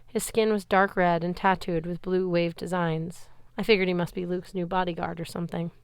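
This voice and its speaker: A woman's voice: on the low side, level tone, normal speed, clean tone, dry recording. A woman reading a novel aloud, telling the story expressively in first person. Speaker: reader.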